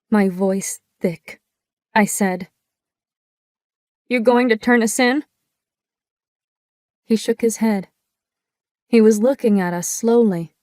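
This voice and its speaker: A woman narrates a first-person audiobook in a measured, descriptive way. Her voice is mid-pitched for a woman and sounds close and dry on a studio mic, with no room echo. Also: a little mellow.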